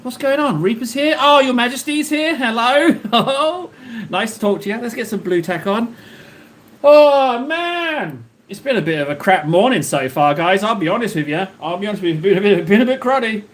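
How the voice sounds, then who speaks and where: This livestream host has a high, sing-song voice and a brisk delivery. Sitting at his hobby desk at home, he rambles jokily and chats casually, speaking straight to his viewers in chat.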